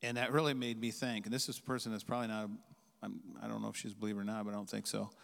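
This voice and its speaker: Candid man telling his story, smooth voice. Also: lowish voice, little pitch movement, fairly bright tone, long reverb tail. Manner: halting, candid, reflective. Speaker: guest. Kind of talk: personal testimony.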